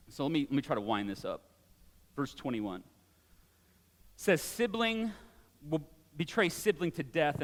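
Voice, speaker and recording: A man in his forties preaching a sermon in a church, conversational and animated, with casual asides. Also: on the high side, in a large hall. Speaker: pastor. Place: church sanctuary.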